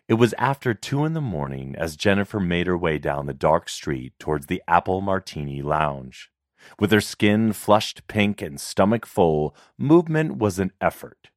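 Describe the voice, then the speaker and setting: A man narrating a horror story in a slow, measured, even way. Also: sits low, dry recording, clean studio sound.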